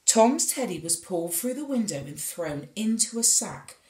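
A woman reading a children's storybook aloud with expressive storytelling. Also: medium pitch, moderate pace. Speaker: storybook reader. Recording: echoey room.

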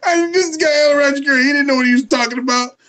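A man's voice: extremely high pitch, rapid-fire, bright, forceful tone, pitched above the performer's own voice. A man voicing a timid man who backs down and apologizes in a raised, flustered voice. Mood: pleading. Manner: flustered, pleading.

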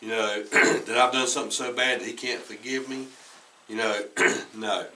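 A man, preaching a sermon as pastor and telling stories, who talks conversationally, repeats words, restarts and often clears his throat. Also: medium pitch, fairly even intonation, normal speed, recorded from a distance, slight background noise, low-quality recording. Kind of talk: sermon with personal storytelling. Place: church sanctuary. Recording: bright voice heard from away from the mic.

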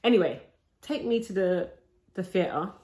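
A young vlogger recounts her labour into her own camera in a chatty, breathless storytime, riddled with likes and restarts. Her medium-pitched voice is animated and a little mellow, her pace unhurried, and the recording carries a roomy echo.

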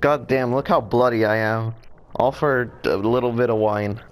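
A young man commentates his gameplay in a mid-pitched voice, cursing and complaining as things go wrong. A faint hiss of noise runs under his voice. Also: steady tone, moderate pace. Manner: frustrated, swearing, exclaiming at the game. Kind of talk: let's play commentary.

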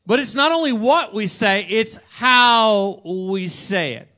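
Bright high-voiced male pastor preaching. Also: lively intonation, takes it slowly. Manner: conversational, asks rhetorical "right?" and acts out quotes. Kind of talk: conversational sermon. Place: church before a congregation.

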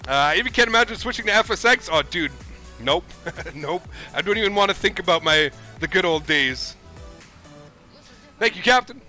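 A man's voice: sits high, expressive, normal speed, sharp tone, soft background music. A man streaming a flight simulator, chatting casually with viewers, thanking them and reading their chat messages aloud. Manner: casual and upbeat, chatty, calls viewers dude.

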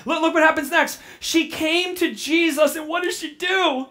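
In her sermon, a woman pastor moves between animated bursts full of repeated words and a soft, low register that turns reflective.

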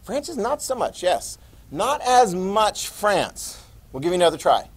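A man teaching a history class, lecturing lively and quizzing his students as he goes. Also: high-pitched, a little slow, breathy edge, poor audio. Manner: lively, quizzing students and repeating key words.

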